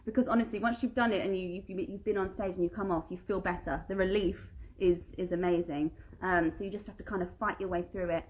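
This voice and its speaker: A woman's voice: mid-range voice, steady tone, fast talker, few pauses, narrow, tinny audio. A woman and musical theatre performer chatting casually at home, reading fan questions aloud and answering them with giggles. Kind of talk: casual live-stream Q&A chat. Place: at home during isolation.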